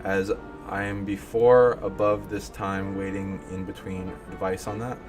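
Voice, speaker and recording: Man, deep voice, monotone, rambling, fillers, game music behind. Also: measured pace. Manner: rambling, many fillers and restarts. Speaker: streamer. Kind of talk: casual live-stream chat.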